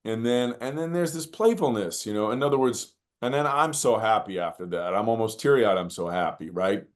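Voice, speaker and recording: Lower-voiced man telling heartfelt stories. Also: fairly quick. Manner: animated, acts out shouted quotes, many "you know" fillers. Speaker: guest. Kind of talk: reflective storytelling in conversation.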